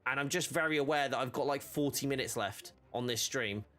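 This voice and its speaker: A man's voice: medium pitch, a little fast, fairly bright tone. A man chatting casually while streaming a game, rambling with lots of fillers and restarts. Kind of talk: casual gaming stream chat.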